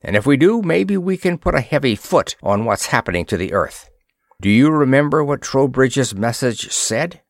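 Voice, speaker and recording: An actor playing a brisk, commanding spaceship commander in a read-aloud pulp story, giving clipped orders. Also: male voice, medium pitch, lively intonation, no echo, studio quality, voice pushed up, natural voice. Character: brisk middle-aged male spaceship commander.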